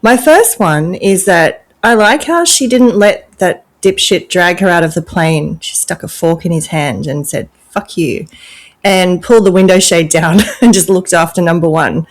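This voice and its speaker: An Australian woman guesting on a casual podcast, blunt and dry, quick to laugh. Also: on the low side.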